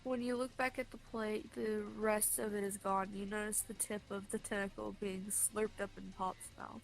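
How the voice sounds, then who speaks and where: A woman with a mid-pitched voice reads a dating game aloud for friends, adding amused comments. Faint music sits behind her. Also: flat delivery, moderate pace, creaky, poor audio. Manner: amused, wry asides. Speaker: narrator of game playthrough. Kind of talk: reading a visual novel aloud.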